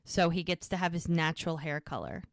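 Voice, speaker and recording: Chatty woman recapping, low voice. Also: expressive, fairly quick, no room sound, studio quality. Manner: chatty, retells scenes quoting characters. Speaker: podcast co-host. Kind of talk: casual episode recap. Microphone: podcast microphone.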